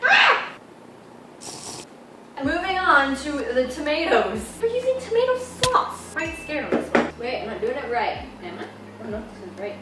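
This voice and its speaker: Teen girl vlogging, chatty and kinda jumpy, highish voice, echoey room, music under it, a bit off mic. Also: animated, fairly quick, distant mic, background noise. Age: teens. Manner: chatty, jumpy, squeals at surprises. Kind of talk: casual vlog chat.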